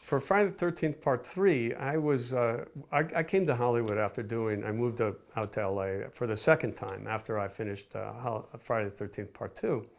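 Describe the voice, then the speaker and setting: Gravelly older male filmmaker reminiscing. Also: medium pitch, moderate pace, hardly any pauses, background noise. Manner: rambling, with many restarts and fillers. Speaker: film director and producer. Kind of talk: casual interview recollection.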